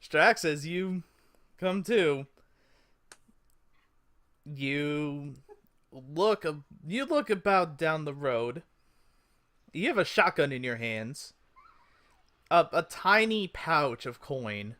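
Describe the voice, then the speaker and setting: Lively high-voiced man running the game. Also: slow, pauses often. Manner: animated, laughs often, puts on brief voices. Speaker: game master. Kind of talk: narrating a tabletop game.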